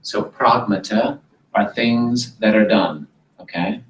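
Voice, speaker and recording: A man teaching a Greek class, slow and patient, checking in often with "okay?", recorded from a distance in a classroom. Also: lowish voice. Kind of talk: classroom lesson. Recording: roomy classroom from far off.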